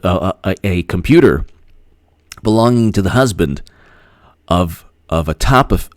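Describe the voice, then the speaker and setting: A man's voice: low voice, a little mellow, no echo, studio quality. A man hosting a live-stream political commentary, rambling, laughing often and thanking viewers by name. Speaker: host.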